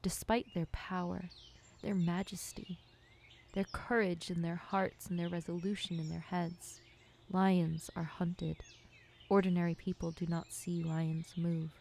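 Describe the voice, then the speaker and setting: Hushed, mellow woman narrating poetry. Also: on the low side, flat delivery, a little hiss or hum. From United States. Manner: slow, measured, hushed, with occasional whispers. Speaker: filmmaker narrating her own work. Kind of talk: poetic scripted narration.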